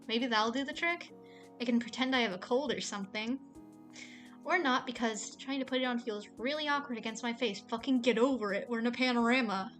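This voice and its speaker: A young woman streaming a game, reading the story aloud and chatting, sarcastic and quick to swear. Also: on the high side, a bit bright.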